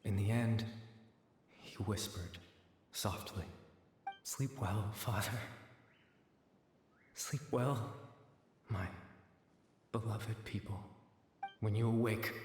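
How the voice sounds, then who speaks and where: Soft, echoing mysterious voice. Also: male voice, fairly low pitch, fairly even intonation, a little hiss or hum. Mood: soothing. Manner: soft, slow, soothing. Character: mysterious gentle male storyteller voice. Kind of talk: video game voice acting. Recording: echoey, long reverb.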